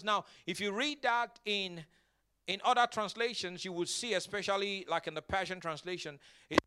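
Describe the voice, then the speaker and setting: A man preaching a sermon as pastor. He reads scripture slowly and deliberately, asks the congregation to repeat after him, and builds to loud, emphatic declarations. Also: sits high, smooth. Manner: preaching with call-and-response to the congregation; slow deliberate scripture reading.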